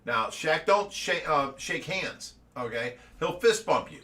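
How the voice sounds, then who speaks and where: A man's voice: fairly high pitch, measured pace, distant mic, slight background noise. A man from Ohio hosting a casual live-stream chat, telling stories with lots of energy and frequent laughter. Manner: animated storytelling, laughing often. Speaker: show host.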